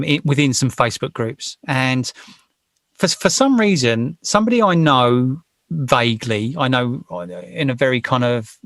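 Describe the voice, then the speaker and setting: A man's voice: medium pitch, fairly bright tone, dry recording, clean studio sound. A man co-hosting a podcast, chatting casually and telling a story animatedly, acting out his own thoughts. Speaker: podcast co-host.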